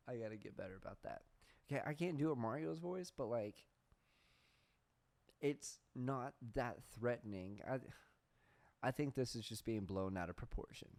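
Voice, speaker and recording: A man hosting a podcast, talking in a casual, profane, deadpan sarcastic monologue. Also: medium pitch, a little slow, long pauses. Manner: deadpan sarcastic, profane, says "bro" a lot. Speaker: podcast host.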